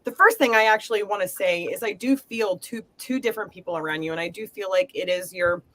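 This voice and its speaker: A woman's voice: medium pitch, fast, a bit bright. A middle-aged woman giving an earnest, emotional psychic reading, reassuring and encouraging. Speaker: psychic reader. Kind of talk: live group reading.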